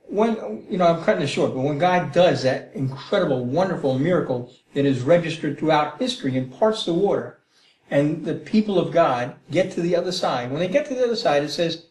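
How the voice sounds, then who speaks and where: A middle-aged man teaching the Bible in a conversational way, animated and acting out prayers, often checking in with "Okay?" and "Right?". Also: a little high. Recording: roomy echo.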